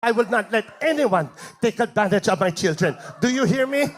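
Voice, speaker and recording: A woman's voice: medium pitch, expressive, fairly quick, a little hiss or hum, voice pushed down, lightly acted. A man voicing a stern, doting mother who scolds her teenage son, with a crowd laughing behind. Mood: tender. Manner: scolding, then pleading and tender.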